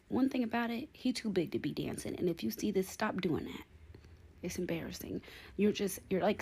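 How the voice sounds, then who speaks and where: A young woman telling a storytime vlog at home, talking in lively slang and acting out the lines she quotes. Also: mid-range voice, vocal fry, slight background noise. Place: at home, bedroom.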